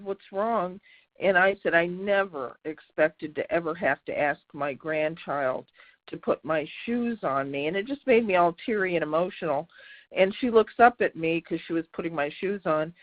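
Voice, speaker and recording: An older woman calling in to a webinar, telling a personal story in a calm, storytelling way. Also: on the low side, no echo. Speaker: caller. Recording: dry phone-line sound.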